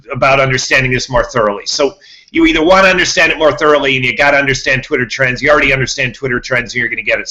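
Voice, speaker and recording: A man's voice: mid-range voice, bright, forceful tone, lo-fi sound. A man hosting a podcast, talking to his listeners in a rambling monologue, repeating himself and restarting words. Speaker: podcast host.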